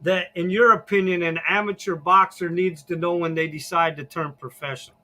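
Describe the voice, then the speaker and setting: A man's voice: high voice, fairly even intonation, a little fast, bright, forceful tone. A man hosting a podcast interview, reading out numbered questions and reacting briefly. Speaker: podcast host.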